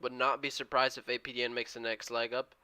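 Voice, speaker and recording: A man gives his viewers fast, eager live coverage of his own day trades, pushing the prices on as he goes. His mid-range voice is delivered flatly, with a bright, forceful, smooth tone.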